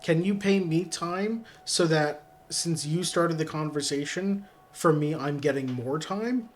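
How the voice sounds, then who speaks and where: A man's voice: on the high side, unhurried, a little hiss or hum. A man streaming a game, reading its text aloud and adding casual joking asides.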